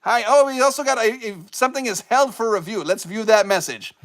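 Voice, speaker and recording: A man plays a goofy skeleton puppet host with a very high, fairly bright voice, speaking a little fast. On a live stream, he reads viewers' comments aloud while rambling and cracking self-mocking jokes.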